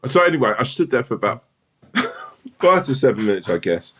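A man's voice: medium pitch, sing-song, fairly quick, bright, forceful tone, a little hiss or hum. A man co-hosting a podcast, telling a rambling, self-deprecating story in casual chat and laughing through it. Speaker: podcast co-host.

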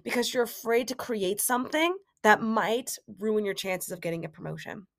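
A woman's voice: medium pitch, moderate pace, vocal fry. A young adult woman hosting a solo podcast, talking casually and animatedly, acting out inner voices and quoted remarks. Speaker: podcast host.

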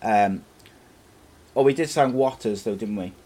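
A man's voice: lowish voice, measured pace, warm tone. A man hosting a live football chat show, chatting with his co-host and reading out viewer questions.

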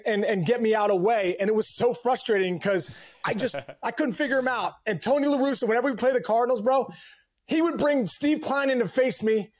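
Man, middle-aged, high-pitched, energetic, storytelling, casual podcast guest. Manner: energetic, storytelling with acted asides, calls people bro. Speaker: podcast guest, former baseball player. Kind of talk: casual interview.

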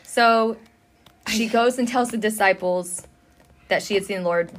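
A middle-aged woman co-hosting a casual Bible study chat, retelling stories in an animated way and acting out the quotes. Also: mid-range voice, a little slow. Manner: animated storytelling, acts out quotes, laughs often. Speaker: co-host.

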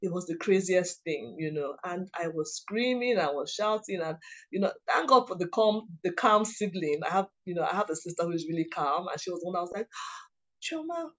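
A woman, a mother of several children, telling a personal story in a halting, emotional way, often restarting her sentences. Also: on the low side. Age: adult mother of several children. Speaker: guest sharing a personal story.

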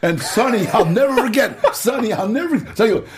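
A middle-aged man, an actor being interviewed, telling stories in a gravelly, husky voice, acting out quotes and laughing as he goes. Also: sits high, fairly quick, background noise. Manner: animated storyteller, acts out quotes and laughs. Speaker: actor guest. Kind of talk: storytelling interview.

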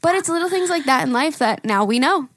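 A woman's voice: sits high, expressive, fast, dry recording. A woman co-hosting a casual chat podcast, talkative, swearing and laughing often. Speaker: podcast co-host.

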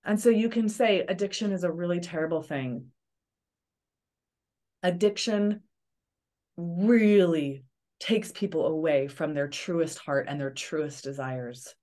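A woman's voice: on the low side, slow, long pauses, mellow. A woman therapist, a podcast guest, giving earnest advice in a coaching manner. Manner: earnest, coaching, acts out examples.

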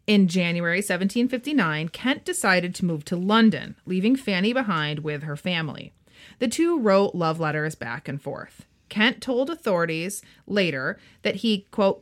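A woman's voice: on the low side, expressive, normal speed. A woman co-hosting a history podcast, reading a scripted story and bantering playfully with her co-host. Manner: playful, banters and reads with emphasis. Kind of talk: scripted history narration with chat.

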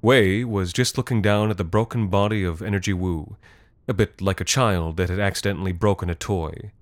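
A man narrating a scripted story in a measured, deadpan way. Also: low voice, no echo.

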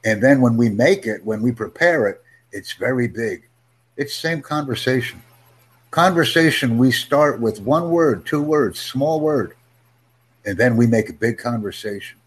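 A man teaching an English conversation lesson over a video call, upbeat and encouraging, speaking in simple, slowed-down phrases. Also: mid-range voice, expressive, breathy edge. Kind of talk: live online English lesson.

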